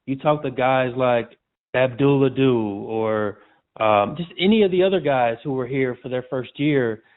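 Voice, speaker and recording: A man, a sports reporter appearing as a guest, talking casually and loosely in a relaxed, chatty way. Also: medium pitch, a little slow. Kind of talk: casual interview chat. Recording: tinny phone-like audio.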